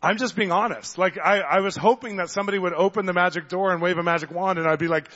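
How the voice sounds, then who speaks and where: A man preaching a sermon, telling stories in an animated way, acting out the voices of the people in them and getting loud at times. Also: sits high, quick pace, few pauses. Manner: animated storyteller, acts out voices, gets loud. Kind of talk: sermon with storytelling. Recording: dull long hall reverb.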